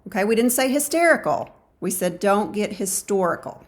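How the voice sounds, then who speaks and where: A woman co-hosts a casual marriage advice talk with a steady, agreeable manner, summing up points and adding her own. Her voice sits at an ordinary middle pitch. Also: fast talker. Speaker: co-host of a marriage talk show.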